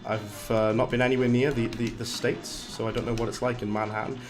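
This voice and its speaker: A man with a slightly hoarse voice, chatting casually while livestreaming a game, reading chat aloud and laughing often. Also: medium pitch, flat delivery, fairly quick, soft background music. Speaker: livestreaming gamer. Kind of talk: casual live-stream commentary.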